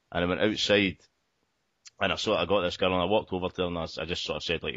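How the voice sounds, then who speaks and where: A man with a very low voice tells a rambling story, restarting his sentences and swearing as he goes. The sound is dry and close, with a dull, muffled lo-fi quality. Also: steady tone, rapid-fire, fairly bright tone, dry recording. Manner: rambling, repeats words, swears often. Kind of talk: casual storytelling chat.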